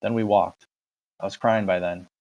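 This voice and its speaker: A man reading a novel aloud in a plain, steady first-person narration, on a dull lo-fi recording. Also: sits low, normal speed. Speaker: audiobook reader.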